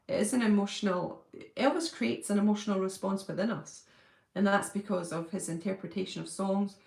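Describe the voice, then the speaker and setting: A middle-aged woman with a mid-range, gravelly, fry-tinged voice hosts a relaxed livestream, responding to viewers' comments in a gushing, chatty manner. The casual chat echoes around the room she's in.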